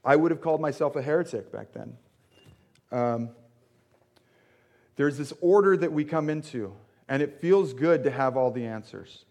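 Man, pastor, casual sermon, joking asides, slightly high voice. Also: moderate pace, long pauses, darkish tone. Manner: casual, joking with the congregation, frequent fillers. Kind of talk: conversational sermon. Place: church sanctuary.

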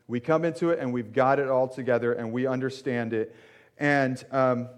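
A young man giving a conversational sermon as a pastor, joking with the congregation and using lots of fillers. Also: medium pitch. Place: church sanctuary.

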